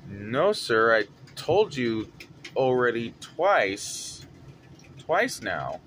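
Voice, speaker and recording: A man telling a story from his retail job in an animated, dramatic way. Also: mid-range voice, very slow, a little hiss or hum. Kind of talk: casual storytelling vlog.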